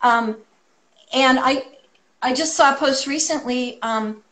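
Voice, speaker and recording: A woman with a fairly high voice talks over a video call, full of enthusiasm and filler words. She is a guest artist from California in a relaxed chat. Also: slow. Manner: enthusiastic, chatty, many ums. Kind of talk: casual chat.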